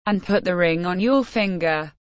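A woman's voice: on the low side, normal speed, clear, resonant tone, no room sound, lightly acted. A woman voicing an affectionate young noblewoman who speaks eagerly.

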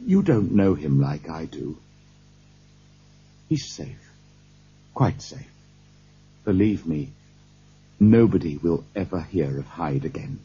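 A man voicing a pale, ill, feverish doctor in a slow audiobook reading with a thin, tired voice. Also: deep voice, big pitch swings, warm tone, slightly rough, pitched below the performer's own voice, heavily acted. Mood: earnest. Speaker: character in an audiobook. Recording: dull lo-fi cassette tape.

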